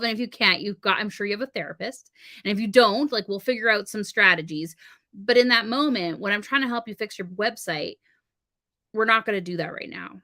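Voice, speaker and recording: A woman talks in a casual live-stream chat, with a bright, forceful tone. She tells stories in an animated way and acts out the other voices in her exchanges. She sounds like a regular co-host talking from her home studio. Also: mid-range voice. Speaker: podcast co-host and wedding officiant.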